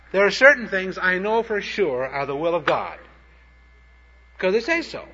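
A man's voice: high-pitched, pushed and bright. A man preaching a sermon, telling short anecdotes in a plain-spoken, punchy way. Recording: dull lo-fi recording.

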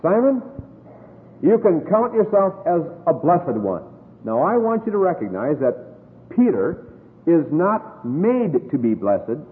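An American man preaching a sermon, emphatic and drawing out scripture quotes slowly. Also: on the high side, sing-song. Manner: emphatic, drawn-out quoting of scripture. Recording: echoey hall over a tinny phone-like line.

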